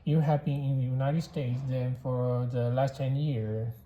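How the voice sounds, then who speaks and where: A reader voicing a calm, polite detective asking probing questions, in a storybook reading recorded in an echoey room. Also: medium pitch, measured pace, highs cut off, close to an everyday voice. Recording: echoey room, faint background hiss.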